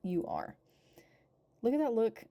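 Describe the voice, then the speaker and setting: A woman's voice: on the high side, wildly swooping pitch, a little slow, gravelly, warm tone. A woman giving a casual voice-over of a life-simulation game, chatting and cooing at her characters as she plays. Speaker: gaming channel host. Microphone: home voice-over mic.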